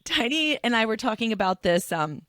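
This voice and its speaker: A woman's voice: a little high, sing-song, moderate pace, fairly bright tone, no room sound, studio quality. Chatty, laughing woman co-host from Pennsylvania. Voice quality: odd vowel sounds on some words. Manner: chatty, self-deprecating storyteller who laughs often. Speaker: radio and podcast co-host. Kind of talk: casual podcast chat.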